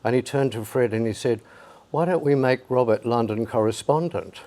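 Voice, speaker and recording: A man's voice: medium pitch, moderate pace, a little mellow. An older man, a photographer, recounting anecdotes from his career in an interview, acting out the voices of people he quotes. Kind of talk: storytelling interview.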